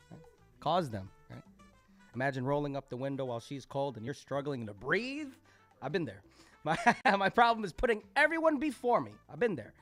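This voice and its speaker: A man hosts a live poetry open mic in a fairly high voice. He quotes the poets back with bursts of excitement and laughter, then thanks each one by name. Faint music plays underneath. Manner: animated, laughing, quoting performers with shouted bursts. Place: poetry cafe venue, live.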